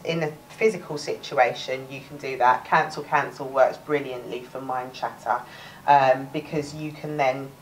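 A woman's voice: deep voice, far from the mic, slight background noise, poor audio. A woman with a Cockney accent teaching a live workshop, chatty, restarting words and laughing often. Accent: London Cockney. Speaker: workshop presenter.

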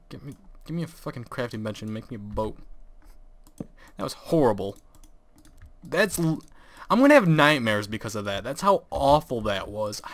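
In a dry recording, a young man with a mid-range, slightly bright voice does let's play commentary close to a desk mic. He hosts gaming videos and narrates his play in an exasperated, profane way, often cursing and laughing at what happens.

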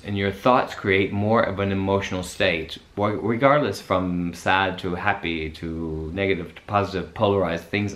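A man giving a reflective spiritual talk, rambling and searching for words with many restarts. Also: on the low side. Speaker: host. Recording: echoey room.

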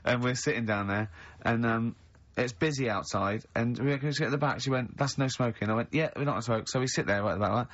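A man's voice: mid-range voice, quick pace, few pauses, a bit bright. A man hosting a radio show, teasing his co-hosts and telling rambling stories in casual banter. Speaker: radio host. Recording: dull lo-fi radio recording.

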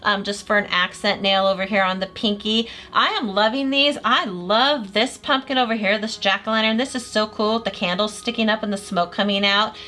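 A woman's voice: mid-range voice, fairly even intonation, brisk, hardly any pauses, sharp tone. A woman gushing enthusiastically as she reviews press-on nails in a casual vlog. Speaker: nail product reviewer.

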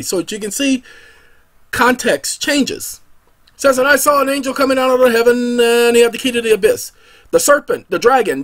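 A man talks to his viewers in a casual, emphatic way, challenging them and tossing out rhetorical questions. His voice sits high and moves around a lot, rising and dropping as he presses each point. The delivery stays insistent throughout. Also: a bit bright. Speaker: online video host. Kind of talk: casual scripture talk to camera.

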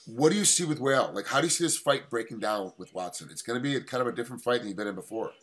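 A man's voice: medium pitch, racing, fairly bright tone. An American man interviewing a fighter, asking long, rambling questions. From United States. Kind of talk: casual interview.

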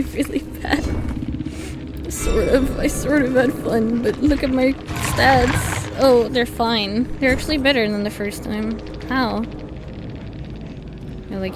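A young woman streaming a horror game, excitable and foul-mouthed, shouting and laughing between muttered remarks. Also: fairly high pitch, a little slow. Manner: excitable, swears a lot, shouts and laughs in bursts. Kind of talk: live gameplay commentary. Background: game music.

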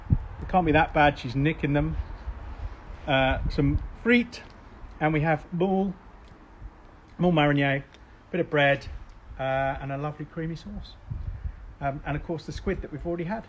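A man talks through a live cook in a loose, chatty way, trailing off into ums as he goes. His voice sits a touch high for a man. A faint hiss runs under the recording. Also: moderate pace, pauses often, dull audio. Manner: chatty, rambling, many ums. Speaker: cooking show host. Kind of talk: casual live cooking chat. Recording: faint background noise.

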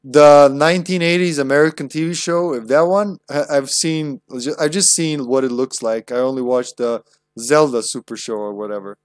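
A man's voice: mid-range voice, moderate pace, dry recording. A young man streaming himself playing a video game, chatting casually, swearing freely and laughing often. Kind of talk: casual live-stream gameplay commentary.

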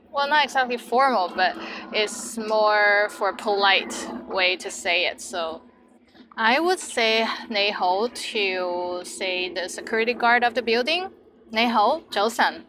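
A woman's voice: a little high, noisy background. A woman teaching phrases in a playful, upbeat lesson. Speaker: language teacher. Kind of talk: lively language lesson.

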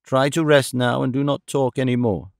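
A man doing a calm, gentle nun. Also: medium pitch, moderate pace, gravelly, no echo, studio quality, close to an everyday voice. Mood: soothing. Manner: soft, soothing.

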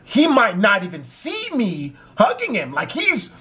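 High-voiced male vlogger, animated storyteller, swears constantly. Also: unhurried. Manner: animated, heavy cursing. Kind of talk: storytime vlog.

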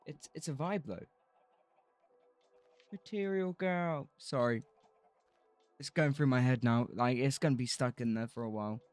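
A man's voice: medium pitch, moderate pace, no room sound, soft background music. A man streaming a building game, rambling casually, swearing freely and laughing often. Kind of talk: casual livestream commentary while gaming.

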